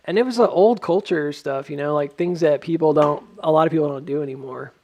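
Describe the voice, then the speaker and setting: A man's voice: on the high side, brisk, darkish tone. A man giving casual stock chart commentary, rambling with lots of ums and laughing at his own jokes.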